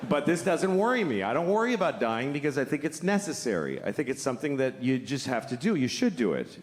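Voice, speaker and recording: A man doing live stand-up, delivering dark one-liners in a deadpan way. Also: medium pitch, quick pace. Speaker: stand-up comedian. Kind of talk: stand-up routine. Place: live comedy stage before an audience. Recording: echoey hall with loud audience.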